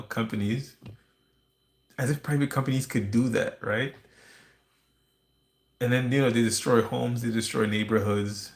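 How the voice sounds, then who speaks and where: A man hosting a livestream, talking in a rambling, conspiratorial monologue with restarts and wry asides. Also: medium pitch. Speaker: livestream host. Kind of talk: casual ranting monologue. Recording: roomy echo.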